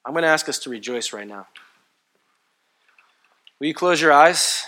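Passionate pastor, man, hushed to loud. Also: a little high, animated, normal speed. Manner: swings between hushed and loud passionate delivery; repetitive emphatic phrasing. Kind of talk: sermon. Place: church.

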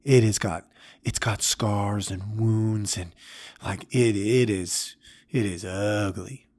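Male podcast host telling a story, earnest and halting, slow delivery, husky low voice. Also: fairly even intonation, darkish tone, dry recording. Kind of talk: storytelling talk.

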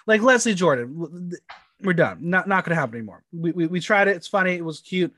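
A man with a fairly high voice leads a casual podcast chat, stumbling through quick restarts as he talks. He is recorded close and dry, with almost no room sound. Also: expressive, a bit bright, no room sound. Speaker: podcast co-host.

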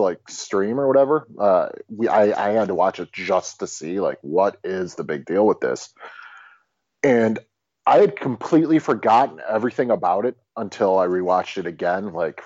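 A man with a lowish voice that swings up and down a lot while he bluntly trashes a film, swearing as he goes. The sound is dull and dry, as if from a cheap close mic with no room around it. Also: no room sound. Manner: blunt, animated, swearing exasperation. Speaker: podcast co-host. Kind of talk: casual movie review chat.

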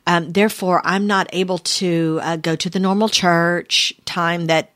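Low, dry-voiced woman. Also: steady tone, measured pace, a bit bright, no echo. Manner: emphatic, plain-spoken. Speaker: co-host of a women's faith talk. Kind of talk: casual faith chat.

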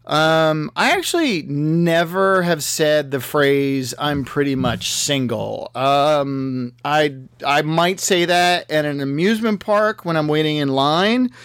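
A man giving a comedic, rambling monologue as a vlogger, talking in a dry, halting way with many fillers and restarts. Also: on the high side, a bit bright, smooth, no room sound. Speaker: vlogger answering a magazine quiz.

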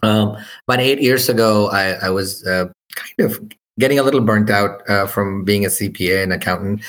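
A middle-aged man, a podcast guest, talking in a relaxed, conversational way. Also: on the low side, moderate pace. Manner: relaxed, many fillers and restarts. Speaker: podcast guest, business founder. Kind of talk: casual interview answer.

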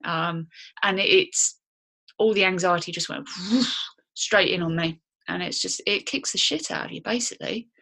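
A woman's voice: lowish voice, moderate pace, vocal fry, sharp tone, a little hiss or hum. A woman co-hosting a podcast, talking candidly in a chatty, blunt way and swearing now and then. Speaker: podcast co-host. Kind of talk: casual podcast chat.

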